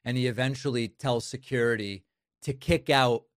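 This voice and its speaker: A man hosting political commentary, scornful and sarcastic, with quick throwaway asides between clips. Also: medium pitch, a little hiss or hum. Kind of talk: opinionated commentary.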